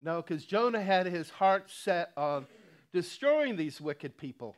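Slow-talking man giving a chatty sermon. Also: sits high, expressive. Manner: conversational, chuckling, many asides. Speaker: lay preacher.

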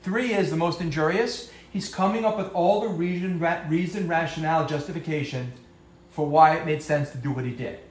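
A man's voice: on the high side, a little fast. A man giving a conversational talk to a live audience, acting out quoted voices and joking about himself. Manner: conversational, acts out quoted voices, self-deprecating humor. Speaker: speaker giving a talk on marriage and parenting. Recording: echoey room.

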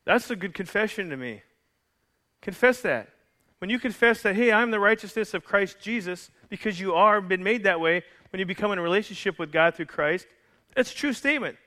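A man's voice: high-pitched, a little fast, pushed and bright. A man preaching a sermon as pastor, telling a story in a conversational way with frequent restarts and jokes for the congregation. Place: church.

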